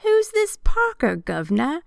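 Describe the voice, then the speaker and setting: A woman voicing a pompous, rich British gentleman in a put-on British accent with slow, theatrical delivery, as a storybook character. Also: high voice, wildly swooping pitch, creaky, dry recording, clean studio sound, voice pushed up, exaggerated voice. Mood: grandiose.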